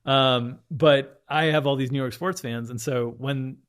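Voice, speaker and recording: A man's voice: medium pitch, fairly even intonation, a little slow. A young man from South Florida, a podcast guest, talking in a loose, rambling way with lots of "like" and "yeah". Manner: rambling, heavy on filler "like" and repeated "yeah". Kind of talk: casual conversation.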